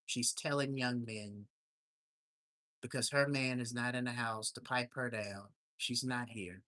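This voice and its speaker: A man's voice: medium pitch, fairly even intonation, unhurried, sharp tone, dry recording. A man hosting a casual livestream, telling a story in an indignant, ranting way. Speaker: livestream host. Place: home in Alaska.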